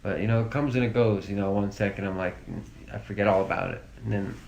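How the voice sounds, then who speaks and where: The victim's brother, appearing as an interview guest, rambles casually through family memories with lots of fillers and restarts in an emotional recollection. His voice is on the low side and fairly even, fast, with vocal fry and a little mellowness. Slight background noise is present.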